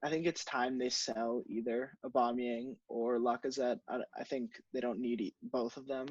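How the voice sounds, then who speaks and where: A man's voice: mid-range voice, steady tone, moderate pace, slightly rough, no room sound. A teenage young man from Italy chatting hesitantly on a casual sports podcast over a video call. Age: teens. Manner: hesitant, many fillers. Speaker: podcast co-host. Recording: dull, dry video-call audio.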